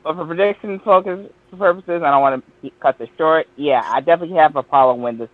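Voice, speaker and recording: A man on a podcast panel, talking casually in an animated, profane way with frequent restarts. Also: fairly high pitch, fast, no echo. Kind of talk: casual chat. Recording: tinny phone-like line.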